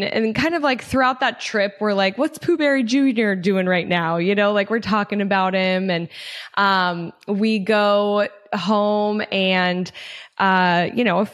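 A woman in her thirties hosting a podcast, telling a personal story in casual chat, full of fillers and lively when she quotes herself. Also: mid-range voice. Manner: chatty, heavy on fillers like "like" and "um"; animated when quoting herself. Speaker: podcast host.

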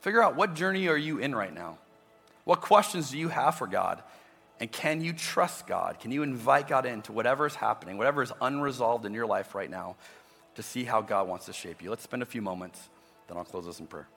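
A man's voice: medium pitch, expressive, a little fast, vocal fry, fairly bright tone. A man preaching a sermon as a pastor, talking conversationally with frequent restarts. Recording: long reverb with faint music.

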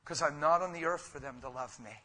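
Animated preacher man with a bright voice. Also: on the high side, brisk. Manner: animated, rhetorical, with sudden loud bursts; conversational, calls listeners "man" and "guys". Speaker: pastor. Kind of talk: sermon.

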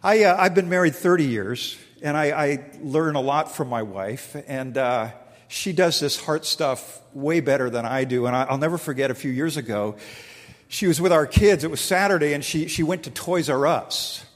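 A man in middle age gives a sermon with a fairly high voice that rings out through a large hall with a long reverb. He tells stories and plays out the conversations in them, building up his emphasis as he goes. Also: moderate pace. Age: middle-aged. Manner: storytelling, acts out dialogue with rising emphasis. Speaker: pastor.

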